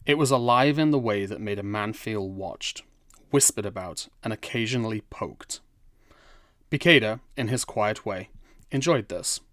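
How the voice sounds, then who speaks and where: A male narrator reads a whimsical fantasy tale with dry, understated humor. His voice sits low. The recording is close and dry, with no room sound. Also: moderate pace, no room sound. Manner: dry, wry storytelling. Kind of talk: scripted storybook narration.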